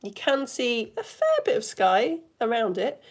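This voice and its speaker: A woman's voice: fairly high pitch, lively intonation, measured pace. A woman teaching a live online science lesson in a chatty, enthusiastic way, asking the viewers questions as she goes.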